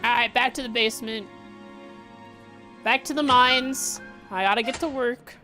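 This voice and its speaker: A woman's voice: a little high, steady tone, moderate pace, sharp tone, faint music behind. A woman streamer chatting casually while playing a game, joking and reading the game's text aloud.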